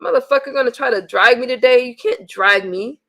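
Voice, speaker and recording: A woman with a somewhat high voice, talking straight to her live-stream viewers. She is blunt and exasperated, swearing freely as she vents and reads messages aloud. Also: fairly quick, fairly bright tone. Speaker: livestreamer.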